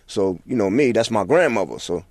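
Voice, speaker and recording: Deep-voiced laid-back man, dry sound. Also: lively intonation, fairly quick, darkish tone, dry recording. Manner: laid-back, many "you know what I'm saying" fillers. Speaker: guest rapper. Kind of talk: casual interview talk.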